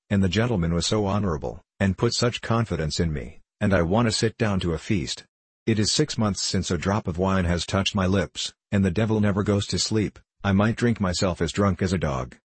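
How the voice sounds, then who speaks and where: A man reading the part of a hungry, proud teenage beggar boy in a storybook, in earnest quick outbursts. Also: deep voice, husky, no room sound.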